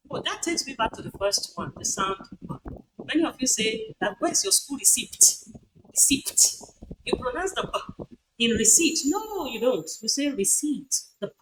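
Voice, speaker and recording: A woman lecturer with a Nigerian accent teaching phonetics, repeating example words aloud and asking her students rhetorical questions. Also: on the high side. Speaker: university lecturer. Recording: noisy lecture recording.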